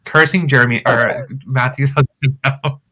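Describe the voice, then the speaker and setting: Animated storytelling man, bright voice. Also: medium pitch, normal speed, a little hiss or hum, poor audio. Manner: animated, swears freely, calls friends "girl". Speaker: podcast co-host. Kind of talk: casual storytelling chat.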